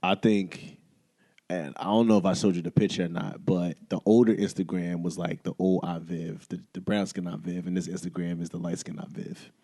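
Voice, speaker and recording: Mellow-voiced, laid-back podcast co-host man. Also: deep voice, flat delivery, moderate pace. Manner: laid-back, laughs easily, prods with questions. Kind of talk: casual chat. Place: studio.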